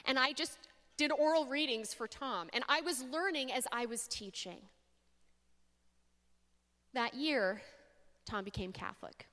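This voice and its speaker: Woman, young, from Canada, faith talk, expressive storyteller, slightly high voice, big reverberant hall. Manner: expressive storyteller, dramatic pauses. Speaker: speaker. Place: large hall.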